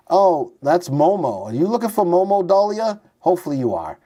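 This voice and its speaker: A man's voice: fairly high pitch, very animated, moderate pace, few pauses, dark tone. A man hosting a stock market show, chatty and thinking aloud as he types in tickers and reads charts live.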